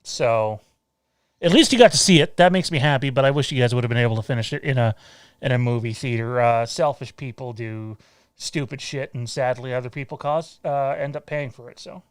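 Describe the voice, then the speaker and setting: A man from Canada co-hosting a casual podcast, talking bluntly with plenty of fillers and some swearing. His voice comes across smooth and clear, with a dry, close sound. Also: mid-range voice, fairly quick, dry recording. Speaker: podcast co-host. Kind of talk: casual chat.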